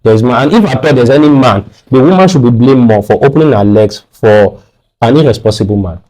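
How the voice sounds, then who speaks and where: A man's voice: medium pitch, fairly quick, darkish tone. A man with a Nigerian accent, a guest on a radio talk show, arguing his views firmly and repeating words when pressed.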